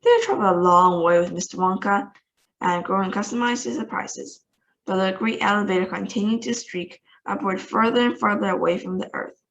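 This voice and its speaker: Brief: expressive woman storyteller, reading a kids' book. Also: mid-range voice, fairly quick, lo-fi sound, slight background noise. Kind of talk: reading a children's book aloud.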